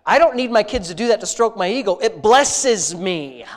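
A man prays spontaneously on behalf of a congregation, heartfelt and intimate, talking conversationally and repeating praise. His high-pitched voice is animated, at a moderate pace.

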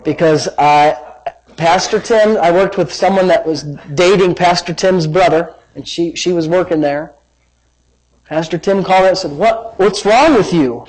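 A man preaching a sermon as pastor, reading scripture with lively emphasis and wandering into personal asides. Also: sits high, normal speed, rough recording. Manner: animated, dramatic scripture reading with rising emphasis; rambling asides and self-corrections.

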